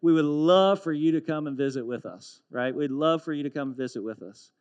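A man preaching a sermon as pastor, telling a story with animated, earnest delivery and building to a call to renewal. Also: a little high, a little fast, dull audio.

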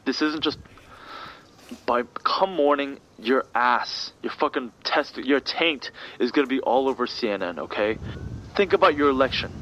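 A man's voice: medium pitch, animated, moderate pace, a bit bright, lo-fi sound, slight background noise, natural voice. An actor playing an exasperated, profane former police officer who stammers as he talks. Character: exasperated, profane male ex-cop friend.

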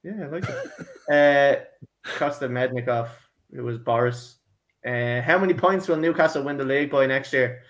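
A man's voice: mid-range voice, normal speed, a bit bright. A man hosting a casual football podcast, jokey and laddish, calling his co-hosts lads. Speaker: podcast host.

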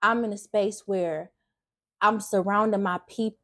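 A young woman talks openly about her faith and her past, earnest and emotional. Her voice is husky and of middle pitch. She speaks casually, often stopping to restart a sentence. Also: steady tone, a little slow, fairly bright tone. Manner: casual speech with frequent restarts. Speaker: faith vlogger. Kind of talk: personal testimony talk.

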